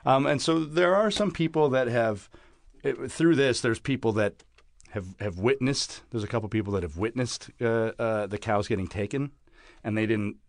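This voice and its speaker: A man in casual podcast chat, explaining in a rambling, halting way with many restarts. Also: mid-range voice, no echo, clean studio sound.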